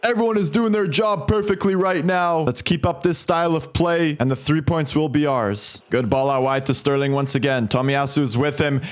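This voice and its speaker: A young man giving casual play-by-play commentary on his own football video game match, excited by goals and quick to vent at mistakes. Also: a little high. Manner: excitable, swings between calm narration and frustrated outbursts. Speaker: gaming commentator.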